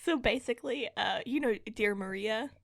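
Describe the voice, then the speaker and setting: A woman's voice: fairly high pitch, moderate pace, creaky. Young woman, giggly podcast host. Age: young adult. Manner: giggly, laughs often. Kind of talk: casual chat.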